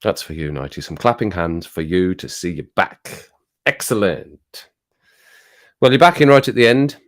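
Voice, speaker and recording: A man with a slightly low voice hosting a relaxed evening livestream. He rambles and jokes, chatting with viewers as he reads their comments. Now and then he gets worked up before laughing it off. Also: normal speed. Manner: rambling, jokey, easily worked up. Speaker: livestream host. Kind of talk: casual chat reading viewer comments.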